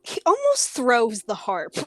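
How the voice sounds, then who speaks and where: A woman's voice: a little high, wildly swooping pitch, measured pace, a bit bright, no room sound, faint music behind. A woman playing a tabletop role-playing game, chatty and often laughing. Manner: giggly, chatty. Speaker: player. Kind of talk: tabletop role-play chat.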